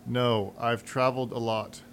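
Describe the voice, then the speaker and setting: Man playing an eager young servant, earnest and chatty, slow pace, faint background hum. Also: mid-range voice, little pitch movement, fairly bright tone.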